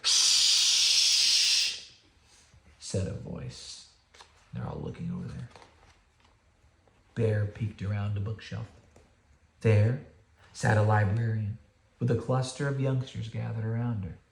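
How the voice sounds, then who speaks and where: A man's voice: fairly low pitch, very animated, a little slow, creaky, pauses often, mellow, a little hiss or hum. A father reading a children's picture book aloud, chatty, with asides to his kids. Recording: roomy home room echo.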